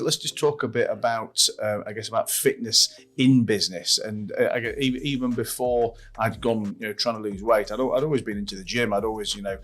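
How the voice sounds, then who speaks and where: A man's voice: fairly low pitch, a bit bright. Rambling man telling a story. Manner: rambling storyteller, lots of repeated words and swearing. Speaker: podcast host. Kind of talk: casual interview chat.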